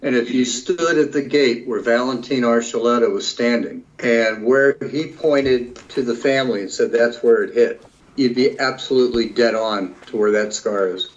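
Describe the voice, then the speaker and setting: A man, a guest researcher, explains details plainly and in a matter-of-fact way. His voice has a middling pitch. The call audio is dull. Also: normal speed. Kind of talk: interview storytelling.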